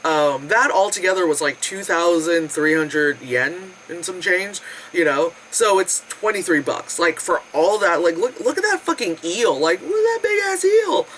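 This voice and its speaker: A vlogger telling a casual, animated food story, acting out quotes with big pitch jumps, laughing and swearing often. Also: moderate pace, a little hiss or hum, rough recording. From United States.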